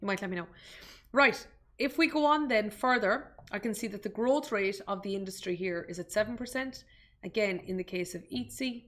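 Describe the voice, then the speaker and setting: A woman's voice: medium pitch, fairly even intonation, a little slow, a bit bright. Chatty Irish woman presenting stocks. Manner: chatty, self-deprecating, asides to viewers. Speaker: investment webinar presenter. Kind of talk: live screen-share stock tutorial.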